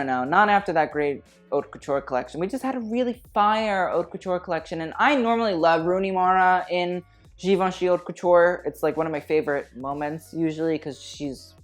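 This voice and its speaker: A woman giving casual fashion commentary, blunt and opinionated with a slangy way of talking, with faint music behind. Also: on the low side. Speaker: fashion critic vlogger.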